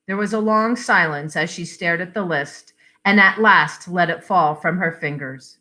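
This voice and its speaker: A woman reading a short story aloud for adult listeners, in a measured storytelling manner. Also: fairly low pitch, bright, forceful tone. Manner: measured storytelling with voiced dialogue. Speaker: library story reader.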